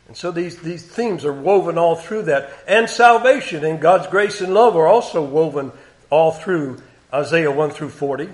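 A man giving expository Bible teaching, reading old scripture aloud with growing force and dropping to quiet comments between passages. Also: a little high, lively intonation, normal speed. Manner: reads King James scripture aloud with rising force.

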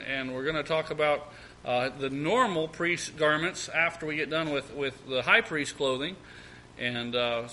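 A man preaching a sermon as pastor, with many fillers and restarts, then reading scripture aloud in a raised, slow cadence. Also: medium pitch, bright, forceful tone, a little hiss or hum, low-quality recording.

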